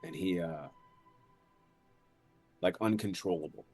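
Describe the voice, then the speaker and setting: A man telling his character's actions in a tabletop game, halting and searching for words with many fillers. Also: low voice, darkish tone, slightly rough, soft background music. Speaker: player.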